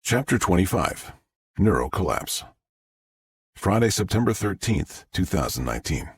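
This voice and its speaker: Brief: male narrator, low husky voice, expressive pitch, dry booth sound. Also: moderate pace, dry recording. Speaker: audiobook narrator. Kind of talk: scripted narration.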